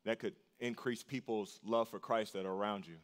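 A man preaching a sermon as pastor, earnest and emphatic, repeating short phrases for weight and jumping up in pitch on key lines. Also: fairly even intonation, moderate pace.

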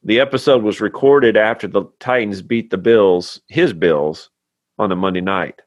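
A man's voice: lowish voice, moderate pace, no room sound, lo-fi sound. A man from Tennessee, hosting a podcast with a scripted intro and a friendly, earnest chat. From Tennessee, USA. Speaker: podcast host. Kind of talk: scripted intro then casual interview.

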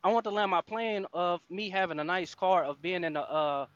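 A man telling his own experience in a live audio chat room, earnest and halting, with many fillers. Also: high-pitched, steady tone, a bit bright, dull audio. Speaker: room speaker.

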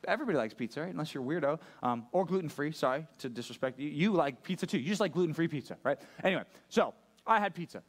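A man's voice: a little high, lively intonation, fast talker. A man preaching a sermon as pastor, conversational and joking, asking the room questions. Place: church room with a live audience.

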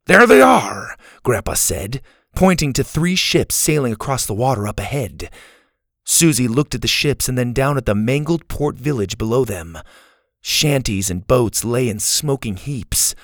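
A man narrates a children's storybook, his reading expressive and full of lively rises and falls. His voice sits at a middle pitch. The recording is dry and close, with no room sound. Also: moderate pace, no room sound. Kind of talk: storybook read-aloud narration.

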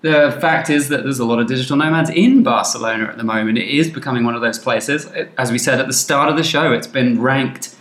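A man's voice: medium pitch, fairly quick, few pauses, a bit bright. A man from England co-hosting a podcast in casual, jokey chat. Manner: chatty, jokey, laughs often. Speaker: podcast co-host. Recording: roomy echo.

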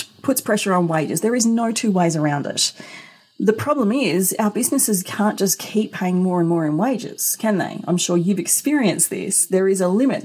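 A woman's voice: lowish voice, darkish tone, husky. A middle-aged woman hosting a solo business podcast, talking in an emphatic, conversational way with rhetorical questions. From Australia. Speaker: podcast host.

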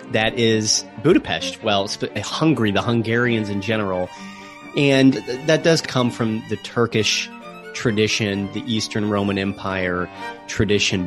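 A man co-hosting a travel podcast over a remote call, explaining places at length and slowing down to stress key words. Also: on the low side. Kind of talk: casual podcast chat.

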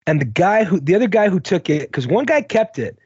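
Podcast co-host, husky man with a lively sing-song delivery, chatty and profane. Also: sits high, brisk, no echo, muffled recording. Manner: rambling, swears, laughs at own story. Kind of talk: casual storytelling chat.

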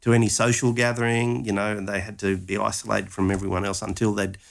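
A man's voice: lowish voice, flat delivery, fast, creaky. A man retelling a Gospel story conversationally, acting out its lines with animation.

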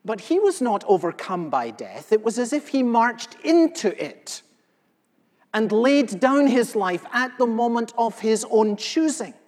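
A male pastor playing the apostle John in a first-person sermon, telling what he saw with earnest feeling, moving between hushed and loud passages. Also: very high voice, big pitch swings, a little slow, full character voice. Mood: awed. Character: the elderly apostle John, solemn eyewitness. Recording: long reverb of a large hall.

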